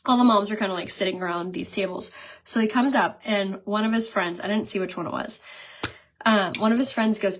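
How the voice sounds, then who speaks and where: A woman in her thirties chatting casually on a live stream while she does her makeup. She talks fast, says "like" a lot and laughs often. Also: mid-range voice. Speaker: makeup seller and vlogger. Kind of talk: casual livestream chat while doing makeup.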